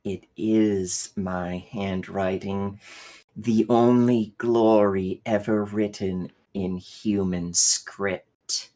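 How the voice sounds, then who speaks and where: A man voicing a cold, hateful ancient female machine ruler in a tabletop role-play, with a slow, contemptuous, seething delivery. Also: lowish voice, steady tone, dark tone, poor audio. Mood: seething contempt.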